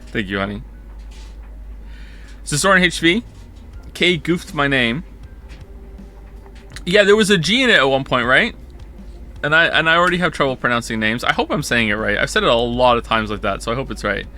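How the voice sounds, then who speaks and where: Bright-voiced man, rambling stream chat. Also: medium pitch, sing-song, moderate pace, long pauses. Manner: rambling, self-correcting, jokey.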